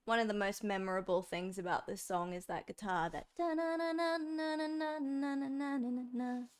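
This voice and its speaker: A woman's voice: mid-range voice, steady tone, a little fast. A woman hosting a music reaction video in a chatty, openly emotional way, talking straight to her viewers. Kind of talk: casual reaction commentary.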